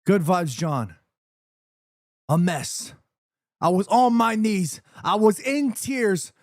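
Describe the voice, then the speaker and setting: Excitable high-voiced man hosting a stream. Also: slow pace, no room sound, clean studio sound. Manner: excitable, emphatic, repeats himself when nervous. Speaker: streamer hosting a football watchalong. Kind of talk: excited livestream chat. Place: his room in New York City, indoors.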